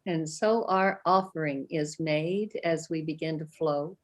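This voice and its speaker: An older woman from the USA hosting a ceremony, speaking a slow, reverent spoken prayer and invocation. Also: low voice. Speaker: ceremony host.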